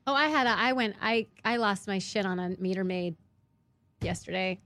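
A woman's voice: mid-range voice, moderate pace, no room sound. A woman in her thirties, a guest in casual chat, telling stories animatedly with many restarts. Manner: animated storytelling, frequent restarts.

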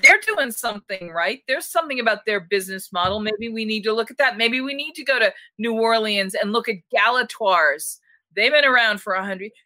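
A woman's voice: fairly high pitch, a little fast, pushed and bright. A woman hosting a casual panel chat, asking long, rambling questions full of restarts.

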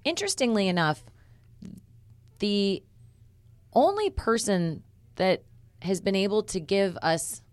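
A woman reporter co-hosting a true-crime podcast, laying out facts in a measured, methodical way. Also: lowish voice, no room sound. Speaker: reporter and co-host.

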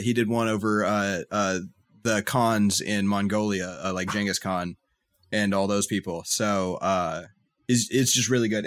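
A man co-hosting a podcast, describing things eagerly in casual chat with many "uh"s and "like"s. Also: fairly low pitch. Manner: enthusiastic, filler-heavy storytelling. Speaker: podcast co-host.

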